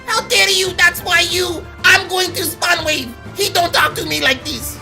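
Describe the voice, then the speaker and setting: A man putting on a shrill, indignant online troll, shouting and squealing in mockery. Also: a little slow, creaky, soft background music, full character voice. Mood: outraged mockery.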